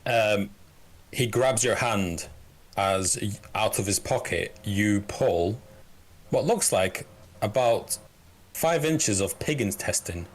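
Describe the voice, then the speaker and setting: Brief: low male game master, narrates in halting bits with plenty of "uh". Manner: halting narration, full of "uh" and restarts.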